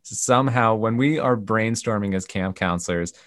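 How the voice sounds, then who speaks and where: A man with a low-pitched voice tells stories in an interview, jumping into lively quoted voices as he goes. The recording is dry and close, with no room sound. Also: moderate pace, dry recording. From Canada. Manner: animated retelling with quoted voices. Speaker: guest, camp CEO. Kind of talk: storytelling in a podcast interview.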